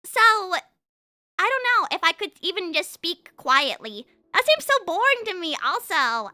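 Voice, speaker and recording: A woman streamer chatting casually with her viewers, energetic and rambling, often restarting her sentences, on a compressed studio mic. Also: very high-pitched, unhurried, no room sound. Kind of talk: casual live-stream chat.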